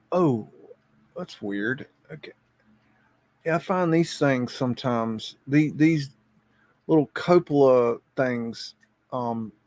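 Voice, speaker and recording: A man's voice: medium pitch, no room sound. Rambling male live streamer, dry sound. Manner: rambling, chuckling, thinking aloud; repeats words while reacting to images. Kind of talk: casual live stream commentary.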